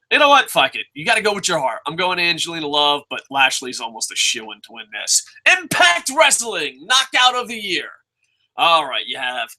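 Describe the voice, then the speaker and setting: Young male vlogger, bright cutting voice, cursing, animated opinions. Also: a little high, poor audio. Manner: profane, animated, mock-voices fans. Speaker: wrestling vlogger. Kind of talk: casual opinion vlog.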